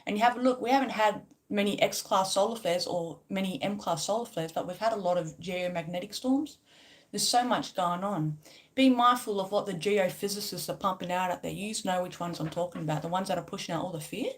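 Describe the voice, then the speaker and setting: A woman's voice: mid-range voice, fairly quick. A woman in a casual spiritual vlog, talking emphatically and repetitively and swearing freely. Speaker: spiritual vlogger. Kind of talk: casual spiritual pep talk.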